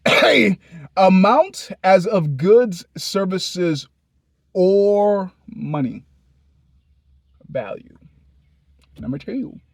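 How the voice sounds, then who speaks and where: Animated high-voiced young man, rambling and profane. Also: dry recording. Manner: rambling, profane, swings between loud outbursts and low mutters. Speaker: vlogger. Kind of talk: unscripted monologue to camera.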